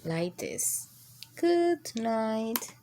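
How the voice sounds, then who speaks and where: A woman reading a bedtime picture book aloud to children, slow and sing-song, jumping into high squeaky animal voices. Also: very animated, warm tone, a little hiss or hum. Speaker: children's storyteller.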